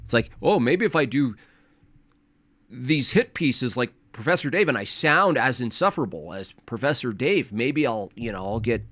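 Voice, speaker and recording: A man's voice: medium pitch, expressive, moderate pace, a bit bright, no echo. A man hosting a live stream, reacting to a debate clip in casual chat with a mocking, sarcastic manner.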